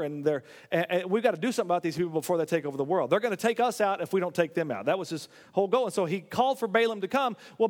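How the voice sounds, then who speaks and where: A male pastor delivers a sermon in a fairly high voice, retelling the story with lively acted-out character voices. He often trips over and restarts his phrases. The sound carries a long reverb, as in a big hall.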